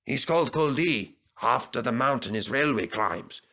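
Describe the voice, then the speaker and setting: A man's voice: mid-range voice, expressive, normal speed, pushed and bright. A man doing a touchy engine. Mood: gruff.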